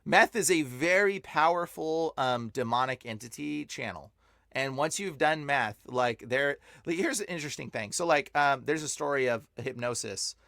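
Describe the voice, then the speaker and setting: A man, a podcast guest, telling stories in a rambling, animated way, full of fillers and laughing as he talks. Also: mid-range voice, creaky, no room sound, clean studio sound. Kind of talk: casual storytelling.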